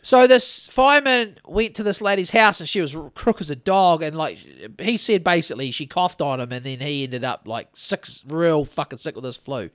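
A man's voice: a little high, moderate pace, few pauses, a bit bright, dry recording, clean studio sound. A man hosting a podcast, telling a rambling story in casual chat, swearing often. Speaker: podcast host.

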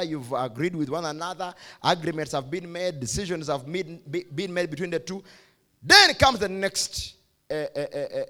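Emphatic Ugandan pastor preaching. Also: male voice, mid-range voice. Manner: emphatic preaching, repeats key phrases. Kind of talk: sermon to a youth service. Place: church hall.

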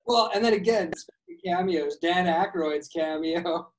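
Man, casual podcast chat, slightly high voice, reflective, talkative. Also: unhurried, rough recording.

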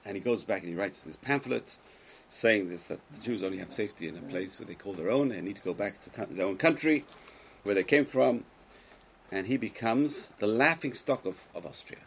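Gravelly-voiced man teaching a class. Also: fairly low pitch, expressive, a little fast, a little hiss or hum, poor audio. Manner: emphatic, swings between loud exclamations and quiet asides; questions the listeners directly. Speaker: Torah teacher. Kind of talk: lecture to a live class.

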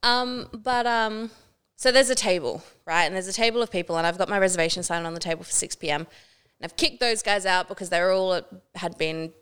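A woman's voice: on the low side, fairly quick, clean tone. A young woman co-hosting a casual podcast, telling a work story with lots of swearing and acted-out quotes. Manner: animated storytelling, swears freely, acts out quotes. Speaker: podcast co-host.

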